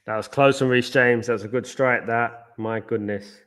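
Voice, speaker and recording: A man's voice: medium pitch, steady tone, normal speed, fairly bright tone. A man hosting a live football watchalong, chatting casually and drifting off on tangents. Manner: rambling, chatty, goes off on tangents. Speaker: watchalong host.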